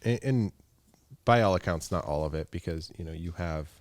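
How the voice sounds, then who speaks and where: A man's voice: low-pitched, moderate pace, dry recording. A man talking as a photographer guest on a podcast, chatty, laughing often and acting out quotes. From United States. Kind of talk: casual podcast interview.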